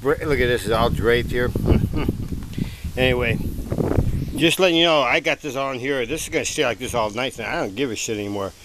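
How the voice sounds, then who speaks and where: Angry male vlogger, cursing nonstop, outdoor rant, faint background noise. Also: mid-range voice. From United States. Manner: furious, profane, sneering mockery. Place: outdoors in strong wind.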